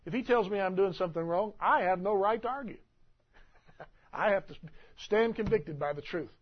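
A man preaching a sermon as pastor, emphatic and swinging between loud and soft delivery. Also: high-pitched, normal speed, highs cut off, a little hiss or hum.

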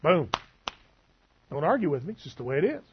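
A man's voice: fairly high pitch, sing-song, fairly quick, dull audio, background noise. A male preacher giving a sermon in a conversational, teasing way, asking the room questions.

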